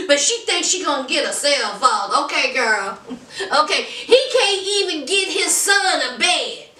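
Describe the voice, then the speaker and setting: A woman's voice: sits high, lively intonation, takes it slowly, sharp tone. A woman giving a sassy, dramatic, teasing recap of a reality TV episode in casual commentary. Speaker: reality TV reviewer. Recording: roomy echo, distant from mic.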